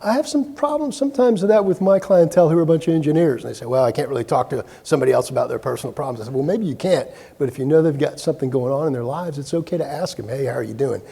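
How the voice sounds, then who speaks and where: A man's voice: fairly high pitch, animated, quick pace, few pauses, dark tone, slightly rough, big-room sound. A middle-aged man giving a keynote speech, telling anecdotes in a conversational way with fillers and restarts. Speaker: keynote speaker. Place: large meeting hall.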